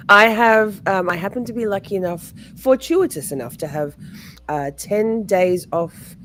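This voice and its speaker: A woman with an Australian accent in casual livestream chat, in her morning voice, hesitant with frequent ums and throat clearing. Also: medium pitch, expressive, measured pace, slight background noise. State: morning voice, just woke up. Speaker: guest true-crime streamer.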